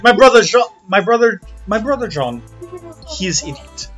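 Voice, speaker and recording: A man voicing a rambling, bumbling male cart driver in a clumsy fake Russian accent, with halting, broken grammar. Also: high-pitched, big pitch swings, muffled recording, music in the background, voice pushed up.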